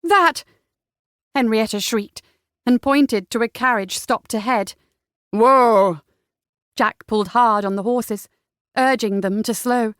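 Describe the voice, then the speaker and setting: A woman narrating a romance audiobook in a measured storytelling manner. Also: fairly high pitch, no echo, clean studio sound. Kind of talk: scripted narration.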